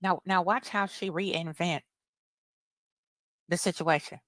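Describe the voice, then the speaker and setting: A woman's voice: lowish voice, steady tone, slow, a bit bright, dry recording. A woman delivering a blunt, indignant commentary rant, often repeating herself. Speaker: commentary streamer. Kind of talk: reaction rant.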